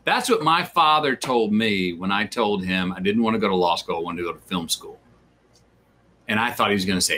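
A man's voice: fairly low pitch, expressive, a little fast, pushed and bright, slight background noise. A man, an actor as an interview guest, talking in a drawling, reflective way, repeating words and acting out the voices he quotes. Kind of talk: reflective conversational storytelling.

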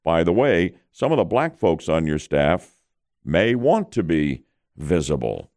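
Wry talk radio host, lively pitch. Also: male voice, unhurried. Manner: wry, self-mocking, theatrical. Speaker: radio morning show host. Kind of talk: talk radio banter and news reading. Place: radio studio. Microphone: studio microphone.

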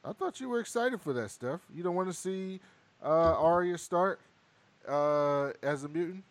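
A man's voice: a little high, expressive, normal speed, no echo. A young man hosting a casual podcast chat, blunt and argumentative. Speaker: podcast host.

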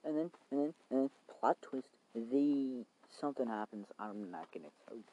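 A man's voice: medium pitch, expressive, normal speed, warm tone, dull audio. A young man vlogging outdoors in the cold rain, recapping a show in a rambling, casual way with lots of fillers and swearing.

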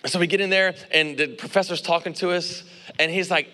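Animated male preacher in a reverberant hall. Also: fairly high pitch, moderate pace, pauses often. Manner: animated storytelling, acting out quotes, frequent laughs and asides. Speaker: pastor. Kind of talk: sermon with personal story.

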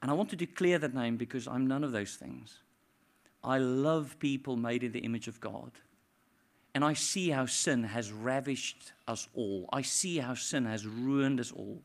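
A pastor preaching a sermon, swinging between hushed, tender passages and loud, impassioned ones. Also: male voice, medium pitch, a little slow.

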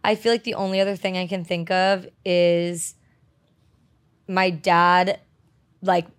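A woman co-hosting a podcast, talking in a relaxed, earnest way with lots of fillers. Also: lowish voice, slow, clear, resonant tone. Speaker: podcast co-host. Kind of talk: casual chat.

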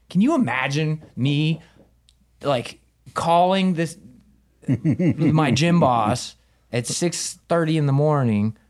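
A man in a relaxed podcast chat spins a story with real animation. He slips into the voices of the people he quotes and swears without a second thought. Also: on the high side, slow pace, long pauses. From United States. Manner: animated, acts out quoted dialogue, swears casually. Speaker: podcast guest, Muay Thai fighter. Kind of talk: casual storytelling in conversation.

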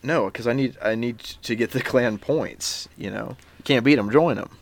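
A man's voice: mid-range voice, normal speed, creaky. A young man co-hosting a podcast, laid-back and agreeable, bantering in slang about video games. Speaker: podcast co-host. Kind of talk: casual gaming chat.

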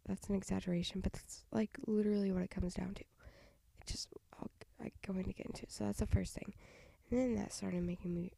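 Young woman podcasting solo, worn out, husky low whispery rasp, kinda rambly. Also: steady tone, brisk, hardly any pauses, warm tone, no room sound. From United States. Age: young adult. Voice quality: tired, low-energy, half-whispered. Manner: rambling, frank, with sighs and little laughs. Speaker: podcast host. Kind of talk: casual solo podcast chat.

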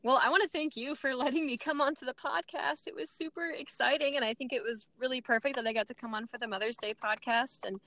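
Woman in her twenties, podcast guest, agreeable, fairly high voice, dry close recording. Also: steady tone, fast talker, hardly any pauses, bright, forceful tone, no room sound. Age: 20s. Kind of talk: casual chat.

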